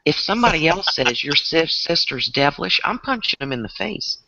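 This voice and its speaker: A woman's voice: sits low, sing-song, a little fast, pushed and bright, a little hiss or hum. An older woman with a Southern US accent, talking in a feisty, emphatic, folksy way in a casual group chat. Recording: dull, dry sound.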